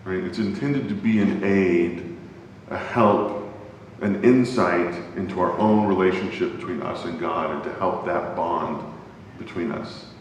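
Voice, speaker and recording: A man teaching an adult Bible class in a conversational way, often asking the class questions. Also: unhurried. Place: church classroom. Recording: very echoey hall, far from mic, faint rumble.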